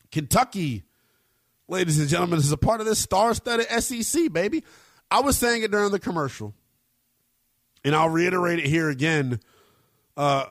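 Animated man hosting sports radio. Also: no room sound, clean studio sound. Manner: animated, swooping pitch, slangy and emphatic. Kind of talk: energetic sports talk radio.

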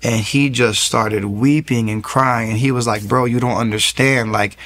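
A man's voice: mid-range voice, steady tone, normal speed, a bit bright. A young man giving an earnest testimony in an interview, telling his story and acting out what people said to him. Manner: earnest, storytelling, acts out quoted dialogue. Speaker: interview guest.

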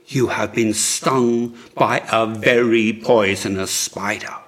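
A man reading the lines of a solemn old royal physician, slow and hushed, as in an audiobook. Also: lowish voice, steady tone. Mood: grave. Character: grave old royal physician, quiet and sorrowful.

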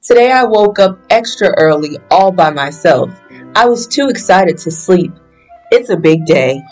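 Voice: mid-range voice, lively intonation, a little slow, darkish tone, faint music behind, low-quality recording. A reader giving a children's picture book a plain first-person reading. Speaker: storyteller.

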